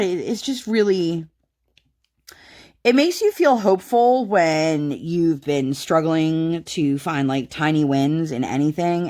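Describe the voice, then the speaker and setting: Casting: woman, 30s, low voice, chatty rambling vlogger, lots of "um" and "like". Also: darkish tone. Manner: rambling, many fillers. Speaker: craft vlogger. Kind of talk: casual chat.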